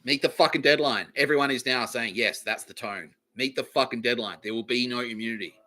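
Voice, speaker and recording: A man's voice: mid-range voice, fairly quick, bright, forceful tone, poor audio. A man hosting a comedy podcast, delivering a profane, repetitive monologue and laughing at his own lines. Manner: swears constantly, repeats phrases, laughs at own lines. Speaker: podcast host.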